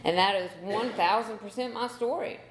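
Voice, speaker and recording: At a recovery meeting, a woman in her thirties tells her story candidly and conversationally, leaning on "you know" often. She speaks at normal speed in a mid-range voice, and the echoey room recording picks up background noise.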